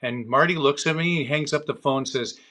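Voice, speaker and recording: Bright-voiced Canadian host, casual chat. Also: male voice, a little high, fairly quick. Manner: loose anecdotes told in fragments. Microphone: video call livestream mic.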